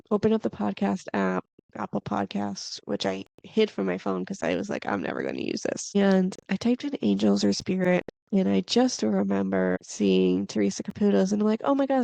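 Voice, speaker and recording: Gravelly-voiced woman podcast host. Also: mid-range voice, dark tone, no room sound. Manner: chatty, with many likes and ums. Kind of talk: casual spiritual podcast monologue.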